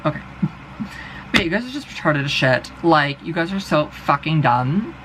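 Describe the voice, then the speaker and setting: A man's voice: a little high, sing-song, normal speed, noisy background. A young man vlogging, delivering a rambling, profane and exasperated monologue. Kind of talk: casual ranting monologue.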